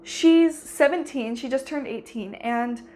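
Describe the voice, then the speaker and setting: A woman's voice: high voice, measured pace, warm tone, a little hiss or hum. A seventeen-year-old girl chatting casually in a reading vlog, rambling with lots of fillers and restarts. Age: teens. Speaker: book vlogger.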